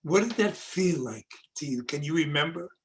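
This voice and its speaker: A man's voice: a little high, expressive, moderate pace. A man interviewing a former student over a video call, reminiscing and hesitant, repeating words. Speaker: interviewer, acting teacher. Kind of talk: casual interview.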